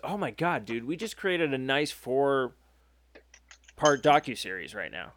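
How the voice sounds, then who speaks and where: This is a young man chatting casually, spinning jokes at speed and swearing freely. His voice sits at an ordinary pitch and sounds dry and close, with no room around it. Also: brisk, fairly bright tone, dry recording. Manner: riffing, swears, jumps into acted voices. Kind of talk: casual comedic banter.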